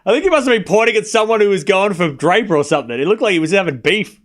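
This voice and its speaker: An excitable man calls tennis live as a watchalong host, doing play-by-play stream commentary. His voice sits high and comes rapid-fire, with joking asides dropped between points.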